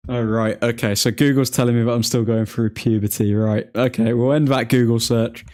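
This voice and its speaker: A man's voice: medium pitch, steady tone, moderate pace, darkish tone. A chatty man hosts a live football watchalong in a casual, rambling way. He laughs often, reads chat aloud and breaks off to call out the play. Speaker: streamer host.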